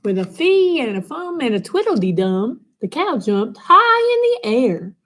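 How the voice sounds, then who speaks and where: Woman in a lively, unhurried story read-aloud. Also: high-pitched, a little hiss or hum. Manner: expressive, sing-song storytelling. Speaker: storybook reader. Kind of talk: children's picture book read-aloud.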